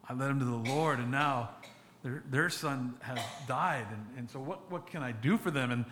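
A man preaching a sermon as a pastor, speaking earnestly and haltingly, often restarting and repeating words. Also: mid-range voice, fairly bright tone.

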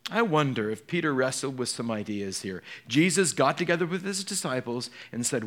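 Animated male pastor preaching. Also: medium pitch, moderate pace, hardly any pauses. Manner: animated, swinging between hushed and emphatic, asks the congregation direct questions. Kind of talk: sermon.

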